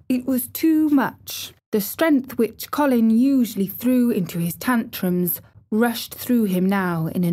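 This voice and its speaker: A woman narrating an audiobook in a slow, deliberate reading style. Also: medium pitch, warm tone. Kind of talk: scripted narration.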